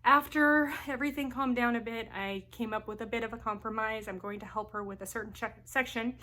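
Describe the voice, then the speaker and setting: Woman, homeschooling mom, frank vlog chat, confiding, slightly high-pitched. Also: steady tone, fairly quick, sharp tone. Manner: frank and confiding, musing aloud. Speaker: homeschooling mom and channel host. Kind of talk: candid vlog talk to camera.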